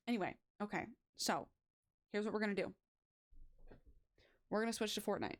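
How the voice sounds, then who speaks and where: A young woman streaming a game, chatting casually in a gushing, excitable, rambling way, from a home setup. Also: mid-range voice, normal speed, long pauses. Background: faint background music.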